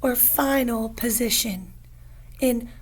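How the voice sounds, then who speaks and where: A woman teaching a phonics lesson to young learners, patient and encouraging, stretching out each sound slowly. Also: a little high, slightly rough.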